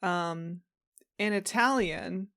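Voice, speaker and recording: A woman's voice: fairly low pitch, drawn-out words, fairly bright tone. A woman co-hosting a podcast, telling a story in casual chat with lots of fillers and laughs. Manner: storytelling, giggly, many fillers. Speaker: podcast co-host.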